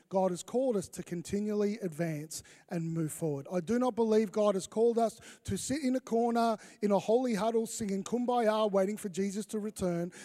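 A pastor, a man, preaching in a relaxed, conversational way with flashes of self-deprecating humour. His voice sits high for a man. Long reverb from a large church hall trails after his words. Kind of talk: sermon.

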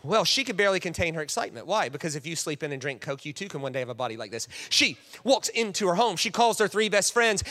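A man delivers a sermon with animated energy, slipping into little acted voices for the people he quotes. His voice sits high and bright. The sound carries the long reverb of a large hall. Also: quick pace, few pauses. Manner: animated, acts out quoted voices, restarts often. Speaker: pastor.

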